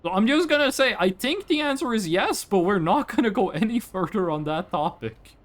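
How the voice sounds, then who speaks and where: A man from Norway, chatting to viewers during a live game stream in an animated, joking, rambling way. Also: high-pitched, moderate pace.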